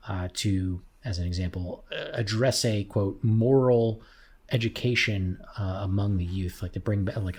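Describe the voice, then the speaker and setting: A man's voice: lowish voice, breathy edge. A young man co-hosting a history podcast, explaining ideas casually and thinking aloud. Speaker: podcast co-host. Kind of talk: casual chat.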